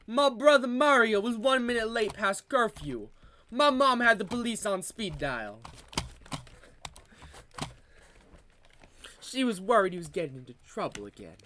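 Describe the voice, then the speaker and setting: A brash Italian-American storyteller, put on by a streamer talks in a choppy, exaggerated accent. The pitch swings widely and the tone is bright and sharp. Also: expressive, moderate pace, a little hiss or hum. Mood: mock-stern. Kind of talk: comedy bits during a game stream.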